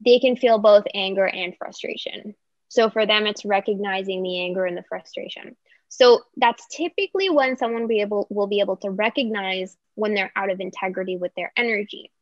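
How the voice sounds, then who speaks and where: A woman speaking as a podcast guest, explaining in an animated way and acting out example voices. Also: medium pitch, a little fast, no echo. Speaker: guest coach. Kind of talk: podcast interview. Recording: slightly muffled, dry sound.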